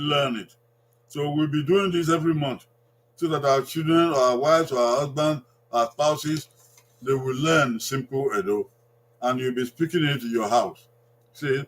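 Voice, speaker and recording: Nigerian man, high voice, slow and patient, teaches words by repeating them. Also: fairly bright tone. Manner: repeats words slowly, drawing them out for learners. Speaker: language teacher. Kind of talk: language lesson.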